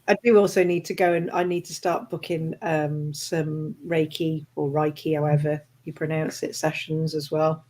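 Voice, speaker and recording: A woman hosting a casual chat, talkative and quick to laugh and exclaim. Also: low voice, level tone, darkish tone. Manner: chatty, laughs easily, exclaims. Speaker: host.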